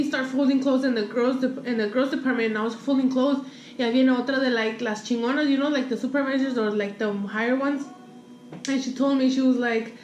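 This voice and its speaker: High-voiced woman. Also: roomy sound, lo-fi sound. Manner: switches between English and Spanish, swears freely; animated retelling with quoted dialogue. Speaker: vlogger. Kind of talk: casual storytime chat.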